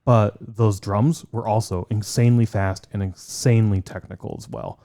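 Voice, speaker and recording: A man's voice: fairly low pitch, fairly even intonation, moderate pace, mellow. A man co-hosting a podcast in casual chat, enthusiastic and swearing freely. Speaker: podcast co-host.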